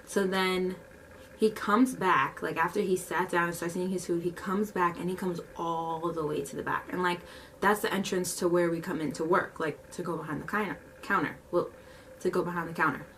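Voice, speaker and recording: A woman's voice: fairly low pitch, far from the mic, a little hiss or hum. A young woman animatedly telling a story in casual, slangy speech. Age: young adult. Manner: animated, slangy, fast retelling.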